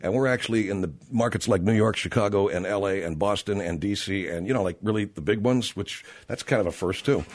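A man's voice: lowish voice, fairly quick, hardly any pauses. A man plugging his own radio show in a breezy, rambling way. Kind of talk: show promo.

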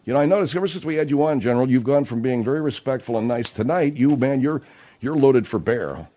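A man's voice: medium pitch, lively intonation, fast, mellow, muffled recording. Wry male radio comedy host. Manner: wry, mock-flustered, playful. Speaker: radio talk-show host. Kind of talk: comedic radio talk show.

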